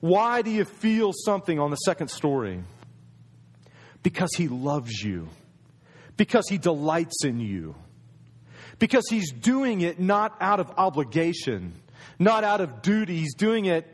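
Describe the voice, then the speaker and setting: A man's voice: fairly high pitch, big pitch swings, a little slow. A man preaching a sermon in a conversational storytelling way, acting out the voices of people in his stories. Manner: storytelling, acts out quoted voices.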